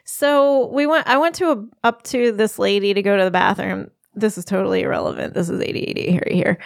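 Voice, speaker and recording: A woman's voice: medium pitch, a little fast, creaky, no echo, clean studio sound. A middle-aged woman telling a travel story in casual chat, giggling often as she talks. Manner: giggly, laughs often while telling stories. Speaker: podcast co-host.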